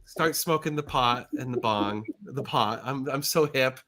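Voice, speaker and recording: A middle-aged man hosting a live show, telling an animated story and acting out the voices in it with big jumps in pitch. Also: measured pace. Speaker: show host.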